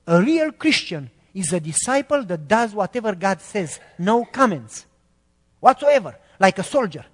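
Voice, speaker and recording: A man from Romania, preaching a sermon in an animated, emphatic way. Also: high-pitched, measured pace, long reverb tail.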